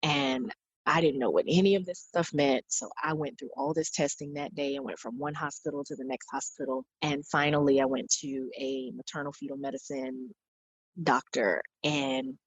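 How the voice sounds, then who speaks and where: A woman in her forties, appearing as a podcast guest, earnestly tells personal stories and quotes the people she spoke with. Her voice is husky and rumbling low, with fairly even intonation and a moderate pace, captured in a dry recording.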